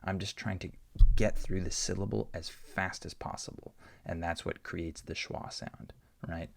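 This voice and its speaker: Male pronunciation teacher, deep gravelly voice, unhurried and patient, checks in with "right?" a lot. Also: steady tone, fairly bright tone. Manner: explains patiently, many fillers and "right?" checks. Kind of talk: unscripted online lesson answering questions.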